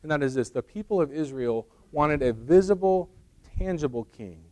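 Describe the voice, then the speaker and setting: Male pastor, relaxed sermon delivery, conversational storyteller with light humor. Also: a little high, normal speed.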